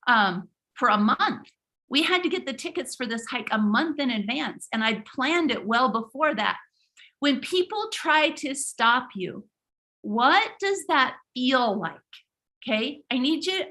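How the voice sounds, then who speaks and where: Hosting a live online workshop, a middle-aged woman tells stories animatedly and keeps speaking straight to her viewers. Her voice is high and bright, and she frequently restarts her phrases.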